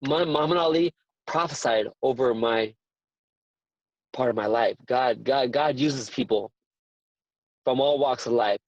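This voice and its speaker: A man in his forties, a boxing trainer, telling stories as a guest in a casual interview with earnest, excitable repetition. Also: medium pitch, a little slow, pauses often, dry recording, muffled recording. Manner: earnest, excitable storyteller who repeats words.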